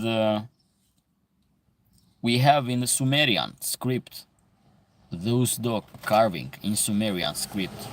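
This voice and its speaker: A man from Epirus, hosting a casual livestream and explaining at length as he answers viewer questions from the chat. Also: medium pitch.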